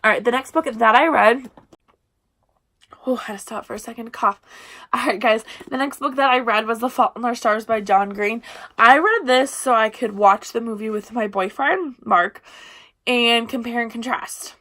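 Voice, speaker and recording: A woman's voice: fairly high pitch, moderate pace, a bit bright. Young woman, book vlogger, chatty, gushing, casual review to camera. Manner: chatty, gushing, trails off mid-sentence.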